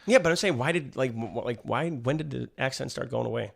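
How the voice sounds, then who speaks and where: A man's voice: medium pitch, quick pace, gravelly. A man co-hosting a podcast, chatting in a playful, joking way. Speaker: podcast co-host. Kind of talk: casual chat.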